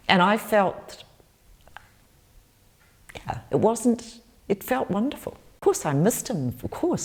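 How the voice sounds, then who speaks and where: A woman's voice: deep voice, darkish tone. A New Zealand woman, in her sixties, answering interview questions as a spiritual teacher, telling stories earnestly and repeating phrases.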